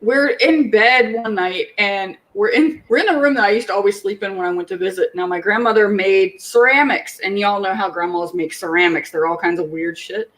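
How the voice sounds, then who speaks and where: A woman in her forties, a podcast co-host, telling a family story in casual chat, animated and swearing freely. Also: medium pitch, moderate pace, few pauses, low-quality recording.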